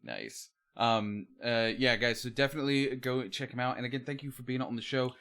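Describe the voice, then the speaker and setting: A man with an ordinary mid-range voice hosts a livestream interview. He reads out viewer questions and chats casually. He often fills pauses with ums and uhs. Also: medium pitch, lively intonation, a crowd in the background. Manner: casual, friendly, filler-heavy. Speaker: host.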